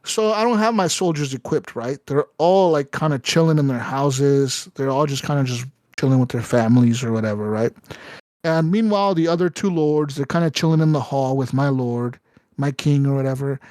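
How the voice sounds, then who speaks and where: A man's voice: medium pitch, normal speed, a little mellow, no room sound, studio quality. A man hosting a podcast in casual chat, telling a story animatedly, swearing often and saying "right?" and "like" a lot. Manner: many fillers like "right?" and "like". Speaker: podcast host.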